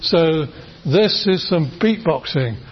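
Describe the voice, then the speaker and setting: A man's voice: fairly high pitch, animated, takes it slowly, a little hiss or hum. A middle-aged man lecturing a class, enthusiastic and chatty, often restarting his sentences as he runs demonstrations. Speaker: university lecturer. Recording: dull, lo-fi lecture recording.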